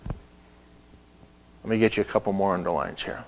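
A male pastor preaching a sermon, telling a story with rhetorical questions and sudden shifts between loud and hushed. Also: sits low, fairly even intonation, unhurried, poor audio.

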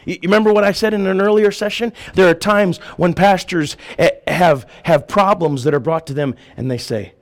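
Fiery high-voiced preacher man. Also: fairly quick, few pauses. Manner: preaching with rising shouts and sudden drops to a hush. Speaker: pastor. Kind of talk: fiery sermon.

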